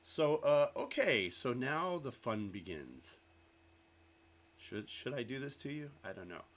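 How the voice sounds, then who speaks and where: A man's voice: medium pitch, big pitch swings, measured pace, a little hiss or hum. A man hosting a live stream, chatting casually with viewers in a rambling, self-deprecating way. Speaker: livestream host.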